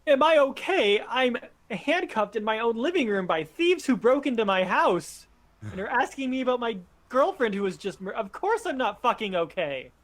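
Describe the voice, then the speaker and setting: A man's voice: very high-pitched, big pitch swings, moderate pace, pitched above the performer's own voice, heavily acted. A man voicing a distraught, angry man held in handcuffs in his own home. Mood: outraged. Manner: shouting in outrage.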